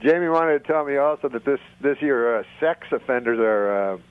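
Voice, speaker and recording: A man calling in to a radio show, speaking deadpan with long drawn-out pauses. His pitch swings widely between phrases. The phone line sounds dull and lo-fi. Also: a little hiss or hum. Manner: deadpan, drawling. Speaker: comedian guest. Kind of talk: casual radio interview.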